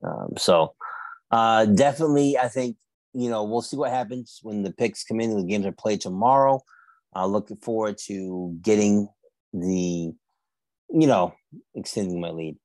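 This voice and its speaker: Male sports podcast co-host with a low voice, casual, steers the talk. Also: moderate pace, no room sound. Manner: steady, leads the picks and wraps up the show.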